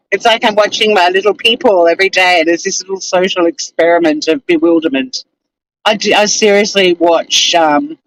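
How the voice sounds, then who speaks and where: The recording is low quality with slight hiss or hum, and the woman's pitch is fairly low. As a streamer, she chats casually while reading viewer comments aloud. She's blunt and exasperated, curses a lot, and breaks into laughter often.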